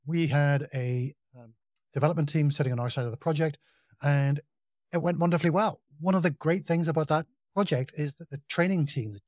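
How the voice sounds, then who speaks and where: A man talking casually as a podcast guest, telling work stories in a relaxed, self-deprecating way. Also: on the high side, fairly quick, no room sound, studio quality. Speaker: podcast guest, project implementation consultant. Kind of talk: casual conversational interview.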